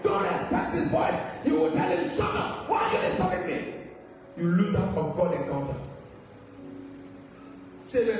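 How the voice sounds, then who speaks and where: A man's voice: very high voice, creaky. A man, a pastor preaching an emphatic sermon with call-and-response and sing-song rises. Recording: echoey hall from far off with faint music.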